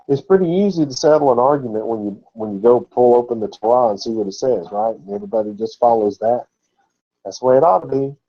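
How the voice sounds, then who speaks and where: A man's voice: mid-range voice, mellow, highs cut off. A man giving an informal, conversational sermon as a Bible teacher, often asking rhetorical questions.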